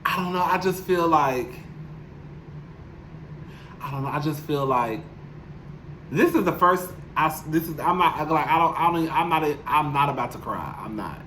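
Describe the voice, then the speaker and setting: A man's voice: a little high, lively intonation, normal speed, long pauses, pushed and bright, a little hiss or hum. A man chatting candidly and emotionally to his viewers in a casual, profane vlog, speaking from his apartment. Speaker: YouTube commentator. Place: home apartment. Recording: roomy echo.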